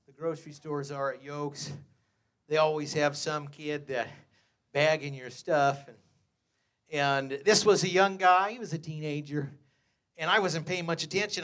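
High, bright-voiced middle-aged male pastor. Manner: chuckles often between phrases, peppers speech with "uh" and "amen"; swings from low asides to loud, fervent preaching. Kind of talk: storytelling sermon.

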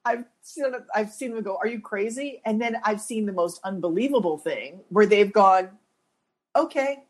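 Animated husky-voiced woman telling stories. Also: medium pitch, normal speed. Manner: animated, self-deprecating, laughs through her stories. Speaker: podcast co-host. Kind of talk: casual conversational storytelling.

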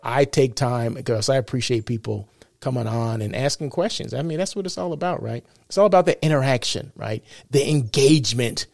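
A man's voice: medium pitch, a little fast, creaky, darkish tone, no echo, studio quality. A man from the United States hosting a live show and podcast. He talks casually and chattily, keeps asking "right?" and chuckles at his own jokes. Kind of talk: casual live-stream talk.

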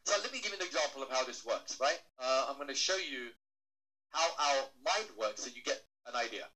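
Bright, lively male stage speaker. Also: medium pitch, fairly quick, low-quality recording. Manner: playful, questions the crowd, acts out little voices. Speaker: motivational speaker. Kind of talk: animated stage talk to a live audience.

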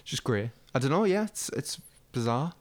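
A young man talks in a casual podcast chat. He swears freely and acts out quotes as he retells stories, at a mid pitch. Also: normal speed. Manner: swearing, animated storytelling with acted-out quotes. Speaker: podcast co-host.

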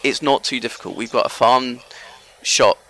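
A man's voice: mid-range voice, moderate pace, gravelly, pushed and bright. A man from Scotland chatting casually, rambling and correcting himself as he goes. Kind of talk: casual chat.

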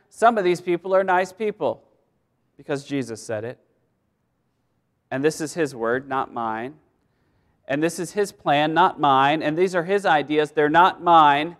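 A man's voice: fairly high pitch, a little slow, long pauses, fairly bright tone. A male pastor preaching a sermon in a conversational way, repeating words and laughing as he goes.

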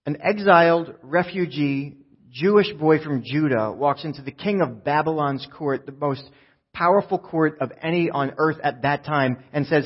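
A man delivers a sermon in a slightly husky voice, bringing a scripture story to life by acting out the characters. The recording sounds a little dull and lo-fi. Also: a little high, normal speed. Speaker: pastor.

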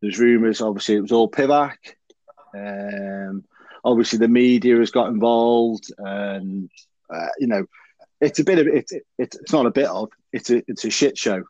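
A man's voice: lowish voice, normal speed, darkish tone, no echo. Chatty man with a dull, dry sound. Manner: chatty, rambling, full of fillers and restarts. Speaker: podcast host. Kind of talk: casual rugby chat.

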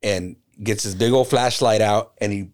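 Low-voiced man telling a story. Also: moderate pace. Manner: animated storyteller who acts out quoted voices. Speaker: podcast guest, graffiti artist. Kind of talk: casual storytelling in conversation.

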